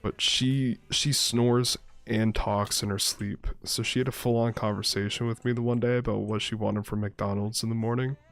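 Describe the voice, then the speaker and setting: A man with a lowish voice talks loosely over his gameplay. He wanders from one story to the next and swears freely. Soft music plays faintly behind him. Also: flat delivery, normal speed, few pauses. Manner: rambling, profane, laid-back storyteller. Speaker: streamer playing a survival game. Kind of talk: casual gameplay chat and storytelling.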